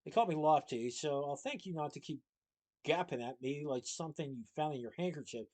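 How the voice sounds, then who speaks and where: A man's voice: on the high side, animated, a little fast, darkish tone, lightly acted. A man voicing a tiny, pompous male Oompa Loompa who scolds haughtily in a storybook reading. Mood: indignant.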